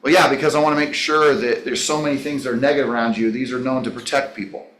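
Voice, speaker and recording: A fast-talking man with a mid-range, slightly bright voice and a steady tone leads a business training session. His motivational talk is enthusiastic and rambling, he names his listeners, and the room is echoey.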